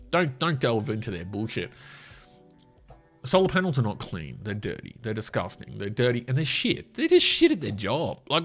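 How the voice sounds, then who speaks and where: Australian man, casual commentary, blunt and sweary, lively swinging pitch. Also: husky. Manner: blunt, profane ranting. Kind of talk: casual commentary while scrolling a social media feed.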